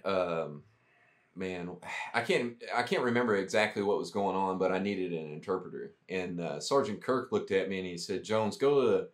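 A man, a veteran guest, telling profane, rambling war stories in casual talk. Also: low voice. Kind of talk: casual storytelling.

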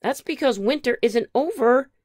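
A woman's voice: sits high, animated, normal speed, darkish tone, no room sound, studio quality, pitched above the performer's own voice. A woman voicing an insistent young groundhog girl. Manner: urgent, insistent warning.

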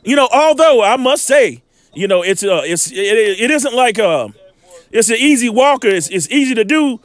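A man's voice: very high voice, expressive, moderate pace, no room sound. A man giving informal scripture teaching, reading verses aloud and breaking in with emphatic rhetorical questions. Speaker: Bible teacher.

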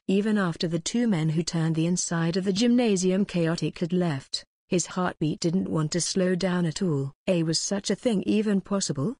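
A woman narrating an audiobook, reading in an even, steady way. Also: on the low side, no room sound, studio quality. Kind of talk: scripted narration.

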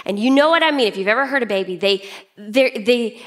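Animated woman pastor preaching. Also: a little fast. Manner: animated preaching with varied pace and pitch. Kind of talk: sermon.

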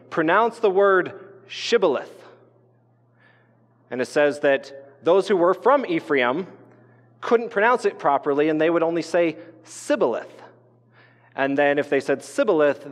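A pastor from northern Colorado preaches casually and conversationally in a church sanctuary, with asides and restarts. His voice sits on the high side, and the room leaves a long reverb tail.

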